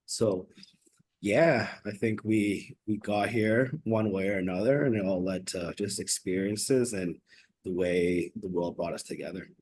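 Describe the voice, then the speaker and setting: A man co-hosting a podcast in casual chat, speaking in a relaxed, reflective way. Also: deep voice, a little slow. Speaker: podcast co-host.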